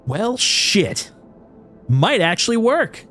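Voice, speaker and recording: A brash former mercenary, now a woman ship mechanic, bursts with blunt, cussing excitement, as a man puts her on. The voice rides well above his own and swings widely in pitch. Faint music plays behind her. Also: slow, exaggerated voice. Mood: excited. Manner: loud, swearing, blunt.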